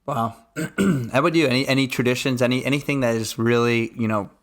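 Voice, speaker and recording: A man's voice: medium pitch, fairly quick. A young man co-hosting a podcast who keeps asking questions and chuckles often. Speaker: podcast co-host. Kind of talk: casual podcast chat.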